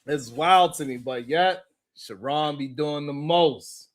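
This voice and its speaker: A man's voice: on the high side, takes it slowly. A man hosting a live stream, talking in a loose, slangy, mocking way. He laughs often and greets viewers in the chat by name. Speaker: live-stream show host. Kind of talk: casual live-stream commentary.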